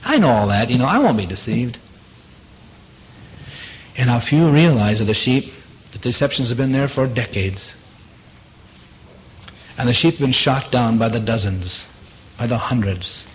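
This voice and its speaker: An earnest male preacher delivers a sermon, circling back to the same phrases and firing rhetorical questions at the congregation. His voice sits at an ordinary middle pitch. A faint hiss runs under the recording. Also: expressive, moderate pace, long pauses, rough recording.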